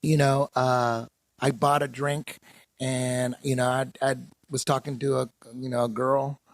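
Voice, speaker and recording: A man's voice: medium pitch, little pitch movement, unhurried, dry recording. A man hosting a podcast, telling a long, profane story in a rambling way with frequent laughs. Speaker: podcast host. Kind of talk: casual storytelling.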